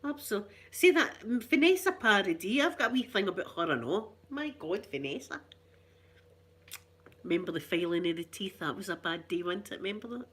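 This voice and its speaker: A woman's voice: mid-range voice, big pitch swings, brisk, fairly bright tone, breathy edge. A middle-aged Scottish woman chatting casually for her ASMR channel, rambling through cheeky, self-mocking stories. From Scotland.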